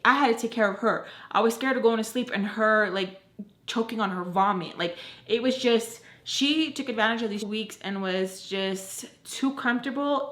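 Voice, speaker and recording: A young woman telling a personal story in a casual, chatty way, full of "like", with animated retelling. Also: medium pitch. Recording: roomy echo.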